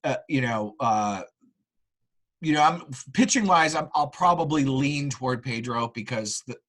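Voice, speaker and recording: On a relaxed sports podcast, the male host takes his time, his medium-pitched voice unhurried as he tells meandering, energetic stories full of fillers. Audio quality is poor.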